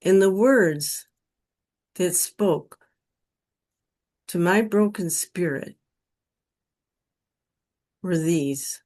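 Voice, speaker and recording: A woman's voice: lowish voice, a little mellow. A woman telling her personal near-death experience story in an earnest, emotional way. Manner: slow, earnest, emotional retelling.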